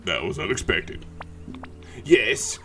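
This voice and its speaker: Gravelly low-voiced man playing a game. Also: very animated, slow pace, fairly bright tone, faint music behind. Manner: chatty, jokey, reads game lines aloud. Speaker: gameplay commentator. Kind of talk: let's play commentary.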